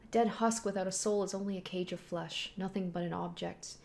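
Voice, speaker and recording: A woman's voice: fairly low pitch, steady tone, fairly quick, creaky, a little mellow. A woman reading the lines of a proud, commanding female witch from a manga in a haughty, grand manner.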